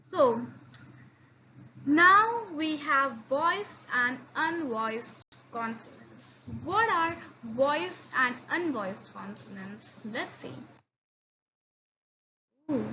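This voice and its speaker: A woman teaching an online language lesson, halting with many fillers and repeats, slowly drilling sounds for learners. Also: high voice, expressive. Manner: slow drilled repetitions of sounds. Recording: slightly dull lo-fi audio with faint noise.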